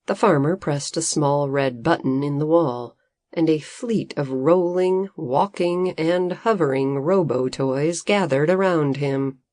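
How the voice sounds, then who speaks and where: A woman narrating a children's storybook in an expressive, unhurried manner. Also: low voice, dry recording. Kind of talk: storybook reading.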